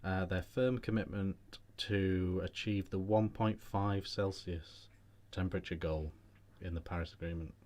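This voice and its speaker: A British man with a lowish voice leads a casual show chat. He moves the talk along in a dry, easygoing way. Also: fairly even intonation, unhurried, a little mellow. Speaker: host of a live vape show. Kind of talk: casual banter.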